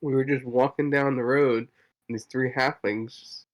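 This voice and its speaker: A man's voice: mid-range voice, steady tone, normal speed. A man playing his character in a tabletop game, casual and agreeable with short replies. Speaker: player. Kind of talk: casual tabletop role-play.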